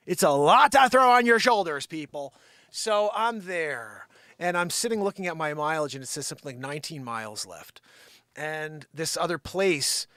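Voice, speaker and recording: Excitable man ranting through a story. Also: on the high side, dry recording, studio quality. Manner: animated, excitable, swearing-adjacent rants. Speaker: live show host. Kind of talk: unscripted comedic storytelling.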